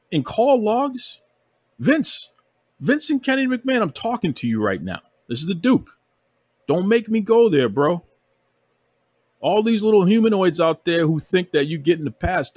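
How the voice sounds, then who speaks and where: A medium-pitched, slightly rough male voice comes through a dry, remote podcast recording. On his wrestling podcast he delivers a heated rant, hammering his points and repeating himself to call people out.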